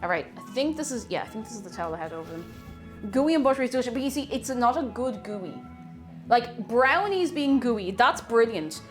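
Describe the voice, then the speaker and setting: Baking at home in her kitchen, a streamer reads her chat aloud and chats casually, breaking into excited whoops now and then. Her voice is on the high side and fairly quick, with faint music behind it.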